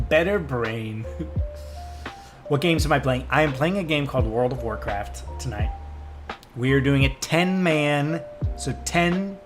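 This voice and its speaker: A young man streaming live, chatting loosely with viewers and answering their comments, with lots of fillers and restarts. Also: mid-range voice. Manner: rambling, many fillers and restarts. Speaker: livestreamer. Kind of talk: casual livestream chat reading comments.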